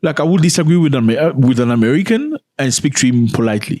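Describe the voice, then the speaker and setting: Animated male reaction commentator. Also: medium pitch, fast, no room sound, clean studio sound. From Africa. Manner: animated, indignant, repeats himself for emphasis. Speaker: commentary channel host.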